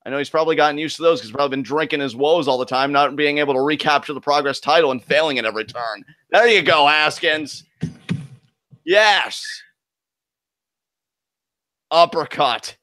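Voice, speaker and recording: A man's voice: fairly high pitch, normal speed, long pauses, sharp tone, no echo. A man co-hosting a live wrestling reaction, ranting with heated, profane fan commentary. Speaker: co-host of wrestling reaction show.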